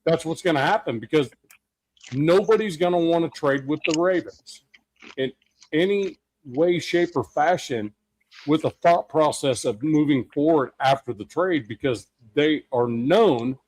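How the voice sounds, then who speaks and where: A man with a somewhat high voice co-hosts a casual sports podcast. He argues emphatically, often restarting and repeating phrases as he builds his point. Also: unhurried, darkish tone, slight background noise. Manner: emphatic, repetitive, argumentative. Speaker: podcast co-host.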